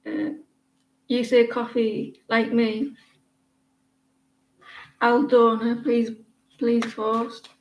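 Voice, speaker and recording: A woman reading tarot cards on a live stream, chatting with viewers and explaining the cards in a slow, halting way, with many fillers and restarts. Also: on the high side, flat delivery, reverberant, poor audio. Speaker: tarot reader.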